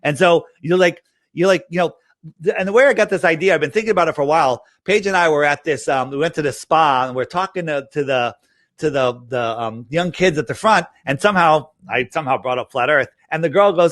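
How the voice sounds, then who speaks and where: Animated man telling stories in a dry room. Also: on the high side, fairly quick, dry recording. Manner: animated storyteller, acts out quoted dialogue. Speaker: interview guest promoting his app. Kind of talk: casual interview chat.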